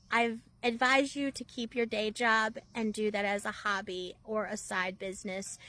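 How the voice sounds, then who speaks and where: A woman telling a story in a casual, animated, chatty way, often laughing. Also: on the high side, no echo. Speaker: storyteller, process server.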